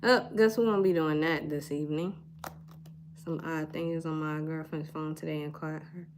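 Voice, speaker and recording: A woman's voice: low-pitched, fairly even intonation, moderate pace, a little hiss or hum. Chatty woman giving a tarot reading. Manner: chatty, folksy, talks straight to viewers. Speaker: tarot reader. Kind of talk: casual tarot reading livestream.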